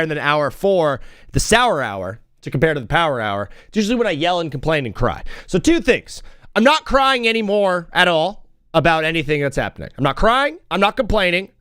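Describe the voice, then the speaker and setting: A man hosting a live sports talk show, rambling and joking in an excitable, casual way. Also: high voice, clean tone, dry recording, clean studio sound.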